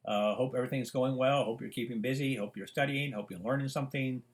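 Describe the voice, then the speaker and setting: An older man teaching a recorded lesson, his pitch sitting in an ordinary middle range. He drifts from one personal story to the next, filling the gaps with ums and uhs. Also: fast. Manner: rambling storyteller with many fillers. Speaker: professor. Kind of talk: recorded lecture with anecdotes.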